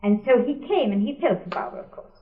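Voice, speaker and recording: A woman's voice: fairly high pitch, big pitch swings, quick pace. An older woman recounting a personal memory for an oral history, wry and often laughing as she quotes others. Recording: tinny, echoey archival tape.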